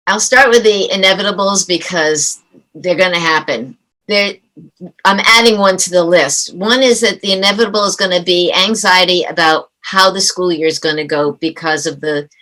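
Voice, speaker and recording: A woman's voice: fairly low pitch, normal speed, poor audio. A middle-aged woman, a parenting coach, telling stories animatedly in a conversational interview. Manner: animated storyteller who acts out quoted dialogue.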